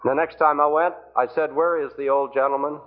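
A man's voice: on the high side, steady tone, a little fast. Man, preacher, evangelistic sermon, earnest pleading, rhetorical questions, tinny old recording.

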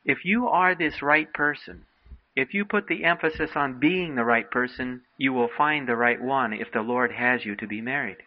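A man's voice: mid-range voice, moderate pace. Earnest male preacher delivering a sermon, mid-range voice, dull lo-fi recording. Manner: earnest exhorting, quotes King James scripture.

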